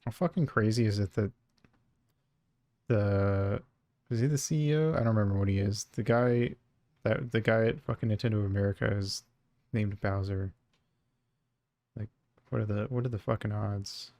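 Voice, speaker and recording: Laid-back man with gravelly low voice. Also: fairly even intonation, normal speed, long pauses, a little mellow, no room sound. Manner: laid-back, muttering to himself, swears casually. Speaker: streamer. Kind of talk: casual stream chat.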